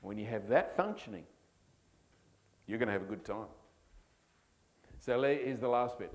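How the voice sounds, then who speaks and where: A man's voice: lowish voice, a little mellow, low-quality recording. A man preaching a sermon, from Australia, leaning hard on key words and stretching them out. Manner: emphatic, drawn-out key words.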